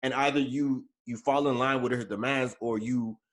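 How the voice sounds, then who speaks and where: A man's voice: mid-range voice, fairly even intonation, moderate pace. Rambling man on a casual podcast. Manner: rambling, self-correcting, frequent fillers. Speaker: podcast co-host. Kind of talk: casual pop culture chat.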